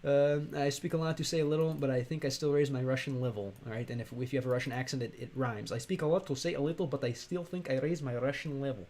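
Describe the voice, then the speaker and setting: An American man from Chicago chatting casually on a livestream, rambling and halting, with many fillers and restarts. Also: mid-range voice, fairly even intonation, darkish tone. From Chicago, USA. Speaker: streamer and language learner.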